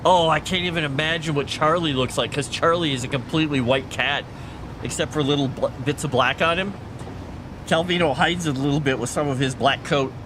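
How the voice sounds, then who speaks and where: A man's voice: a little high, brisk, noisy background. A man streaming a video game at home in a casual chat, stopping to coo at his cat. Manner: chatty, coos and baby-talks to his cat. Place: home, indoors.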